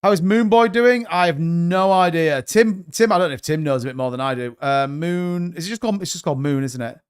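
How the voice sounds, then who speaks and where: A man's voice: a little high, a little fast, smooth. A man hosting a casual crypto live stream, rambling and thinking aloud with exasperation while he browses charts. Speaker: crypto livestream host.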